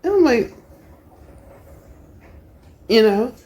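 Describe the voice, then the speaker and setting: A middle-aged woman chatting and telling stories in a casual vlog, recorded outdoors on a porch. She is animated and laughs often. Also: a little high, very slow. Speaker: vlogger.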